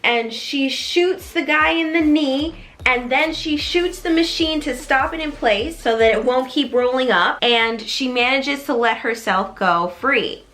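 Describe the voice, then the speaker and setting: Bright-voiced woman retelling a movie. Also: on the high side. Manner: chatty, enthusiastic. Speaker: movie storyteller vlogger. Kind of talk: casual plot retelling.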